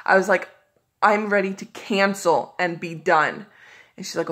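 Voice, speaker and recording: A woman's voice: on the low side, a little slow, a bit bright. A woman vlogging in a casual storytelling style, recounting a run of phone calls with frustration and exasperation. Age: adult.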